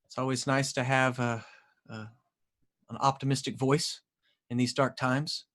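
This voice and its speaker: A man voicing a polite, hesitant female councilperson who speaks softly. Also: medium pitch, flat delivery, unhurried, natural voice. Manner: soft, hesitant.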